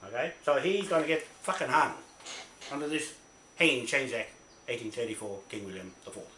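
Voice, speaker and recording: A man's voice: mid-range voice, fairly quick, sharp tone. A man ranting into his own camera, swearing, repeating himself and tagging his points with "right?". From New Zealand. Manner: angry, profane, repetitive, keeps asking "right?". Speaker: self-recorded complainant. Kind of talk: ranting self-made video. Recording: echoey room with faint noise.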